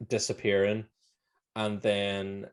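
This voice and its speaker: A man's voice: on the low side, completely flat delivery, slow. A man with a Northern Irish accent co-hosting a podcast, retelling film scenes in casual, swearing, laugh-filled chat. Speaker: podcast co-host.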